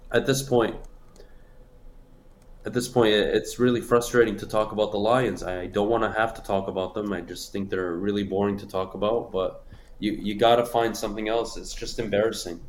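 A man's voice: fairly low pitch, steady tone, normal speed, slight background noise. A man co-hosting a sports radio show, blunt and opinionated, swearing freely in casual talk.

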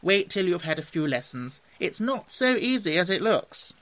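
A man's voice: sits high, sing-song, normal speed, fairly bright tone, pitched above the performer's own voice. A man voicing a hearty water rat. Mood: amused. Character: cheerful capable male water rat.

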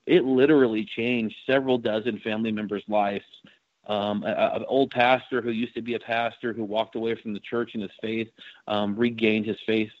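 His voice sits on the low side as he, a paranormal investigator, rambles through his story during an informal interview, full of filler words and restarts. The recording is dry and slightly muffled, with no room sound.

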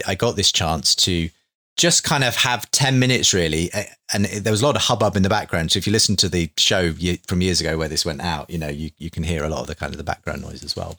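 A man's voice: low-pitched, a bit bright, no room sound, clean studio sound. A man who hosts a faith debate show, telling an anecdote earnestly in a hedging, conversational way with many fillers.

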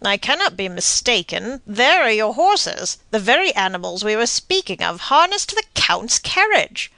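Woman reading as an excitable young gentleman. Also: fairly high pitch, normal speed, no room sound, heavily acted. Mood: astonished. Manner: excited, exclaiming.

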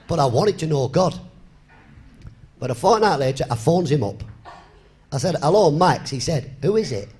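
A man in his fifties tells a personal story on stage with a lively voice that swings up and down in pitch. He sits a little high for a man, and he slips in and out of the other people in the story as he acts out their lines. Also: normal speed, long pauses, slight background noise. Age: 50s. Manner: animated storyteller, acting out both sides of dialogues. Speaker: comedian giving a testimony on stage. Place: live venue before an audience.

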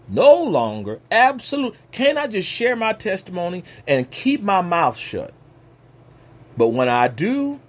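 A man preaching an informal sermon in a conversational way, swinging between loud and soft. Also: on the high side.

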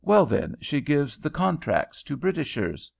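A man's voice: a little high, big pitch swings, measured pace, creaky, husky, voice pushed up, exaggerated voice. A man reading aloud, voicing an easygoing American traveller who questions things in a mildly skeptical, drawling way. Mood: curious. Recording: dull lo-fi home recording.

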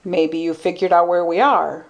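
Woman doing a fat man, brash, gruff, loud drawl, audiobook story. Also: lowish voice, steady tone, normal speed.

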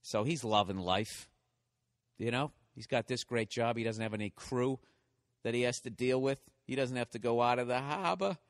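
A man's voice: medium pitch, moderate pace, big-room sound. A man hosting a solo comedy podcast, talking in a rambling, profane, ranting way.

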